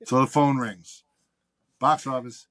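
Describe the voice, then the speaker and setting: A man's voice: medium pitch, slow pace. Man telling a rowdy story. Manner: animated storyteller, acts out callers, swears freely. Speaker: guest, venue box office manager. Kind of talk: casual podcast storytelling.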